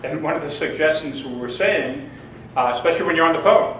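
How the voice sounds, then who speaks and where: This seminar presenter, a man, keeps his audience entertained with jokes and anecdotes, often laughing himself. He speaks fairly quickly in a fairly high, slightly bright voice. The room is echoey, the mic distant, with slight background noise.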